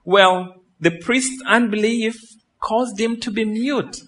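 Pastor preaching with a fraying voice. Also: male voice, high voice, slow, few pauses. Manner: lively, asks the crowd questions, laughs. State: losing his voice. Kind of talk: sermon.

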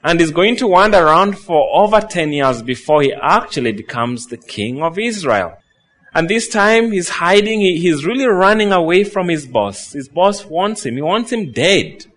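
A man preaching a sermon, reading scripture slowly and then retelling the story with quoted lines. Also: high-pitched, animated, fairly bright tone.

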